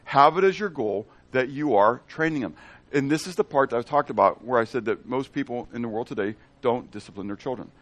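A man's voice: medium pitch, animated, brisk, fairly bright tone, dry recording. A man giving a Bible teaching in a conversational way, checking in with the audience and asking them questions. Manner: asks the audience questions and repeats phrases.

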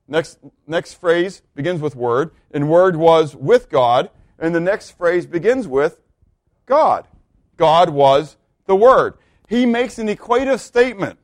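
A man's voice: fairly high pitch, a little slow, dry recording, clean studio sound. A man preaching a sermon, teaching from the Bible and asking questions that he answers himself. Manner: animated, asks questions and answers them.

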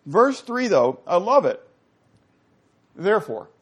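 A man leads a Bible study class in a lively, questioning way. He keeps asking his listeners to answer and leans into loud emphasis on the words that matter. His voice sits a little high for a man. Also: slow pace, husky. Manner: animated, quizzes the audience, rising to loud emphasis. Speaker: Bible teacher.

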